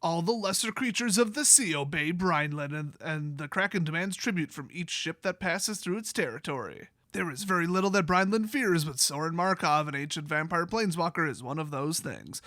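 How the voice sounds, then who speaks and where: A man's voice: fairly high pitch, bright, forceful tone, no room sound, studio quality. A man with a Wisconsin accent, hosting a comedic review and reading passages aloud with sarcastic, joking asides. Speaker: YouTube host. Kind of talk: comedic card lore review.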